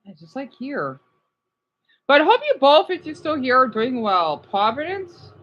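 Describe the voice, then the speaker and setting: A man chatting casually on a live stream, reacting to viewer comments in a rambling, animated way. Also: extremely high pitch, unhurried, lo-fi sound. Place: home room, keeping voice down.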